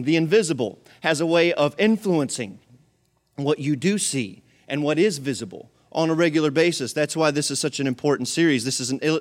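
Guy preaching, slightly high voice, lively storytelling with little jokes thrown in. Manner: animated, dramatic retelling with jokes and asides. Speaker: pastor. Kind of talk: sermon.

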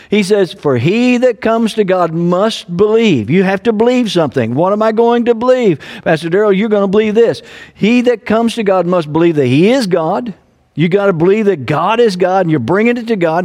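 High-voiced man preaching a sermon. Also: a little mellow. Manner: earnest preaching with fillers and repeated phrases. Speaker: pastor. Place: home.

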